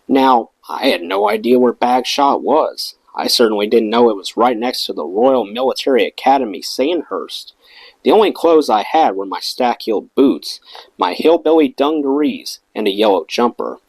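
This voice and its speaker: A man reading a rock memoir aloud in an expressive storytelling manner. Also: medium pitch, normal speed, vocal fry, no echo, rough recording. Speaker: audiobook reader.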